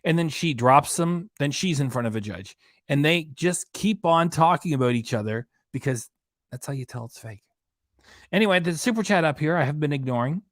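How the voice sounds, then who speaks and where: A man's voice: on the high side, expressive, fairly quick, no echo, clean studio sound. A man from Ontario, Canada, hosting a live-stream reaction show with opinionated, rambling commentary. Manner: opinionated, gossipy, rambling asides. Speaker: reaction channel host.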